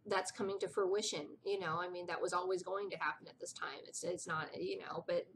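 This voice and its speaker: A woman's voice: on the low side, steady tone, fairly quick, a bit bright, slight background noise. A woman in her forties vlogging, telling a rambling story to her viewers in a casual, chatty way with frequent asides and apologies.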